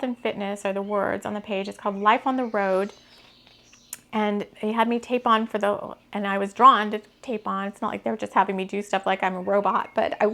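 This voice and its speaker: A woman with a somewhat high voice hosts a spiritual show. She rambles and gushes in loose, casual chat, giggling often as she talks into her camera. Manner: chatty, rambling, giggly and gushing. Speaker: spiritual podcast host.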